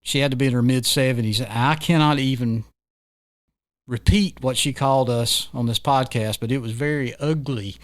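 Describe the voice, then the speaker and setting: A middle-aged man with a Southern American accent hosts a podcast. He sounds folksy and rambling, and his voice sits at a middle pitch as he gets excited about his stories. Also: moderate pace. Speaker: podcast host. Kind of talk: casual conversation.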